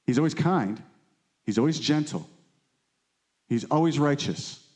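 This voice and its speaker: A man's voice: on the high side, expressive, unhurried, a little mellow. A married man preaching a sermon to his congregation, conversational and often checking in with his listeners. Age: adult, married. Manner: conversational preaching, frequent "right?" check-ins. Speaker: pastor.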